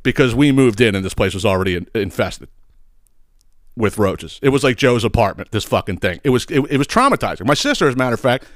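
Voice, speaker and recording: Rambling, profane podcast host. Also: male voice, mid-range voice, sing-song, quick pace, no echo, clean studio sound. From Philadelphia area. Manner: rambling, profane storytelling with frequent fillers and sidebars. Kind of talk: casual comedic monologue.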